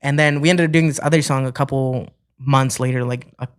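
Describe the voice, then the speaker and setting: A man's voice: mid-range voice, brisk, clear, resonant tone. A young man from Ohio, a musician guest, telling stories casually in an interview and acting out what people said. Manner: animated, acts out quoted dialogue.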